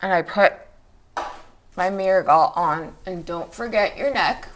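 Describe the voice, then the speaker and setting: A woman in her forties hosting a live skincare chat, talking in an emotional, chatty way, her voice jumping high when she greets viewers. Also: unhurried, slight background noise. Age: 40s. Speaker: beauty show host.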